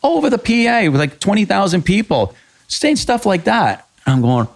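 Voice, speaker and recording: A man's voice: high voice, normal speed, gravelly. A middle-aged man from Canada, a podcast guest, telling blunt, profane backstage stories in a casual way. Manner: blunt, profane, animated anecdotes. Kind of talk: casual storytelling.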